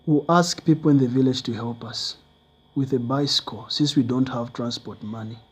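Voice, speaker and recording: A caring father, voiced by a man, calm and plain. His tone is a bit husky. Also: medium pitch, moderate pace, lightly acted. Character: caring older father calling his son.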